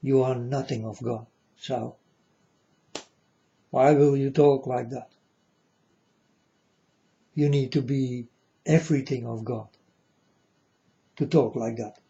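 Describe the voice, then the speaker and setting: A man in a rambling monologue to his viewers, earnest and repetitive, with halting non-native phrasing. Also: mid-range voice, fairly even intonation, gravelly, warm tone, highs cut off. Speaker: vlogger addressing viewers.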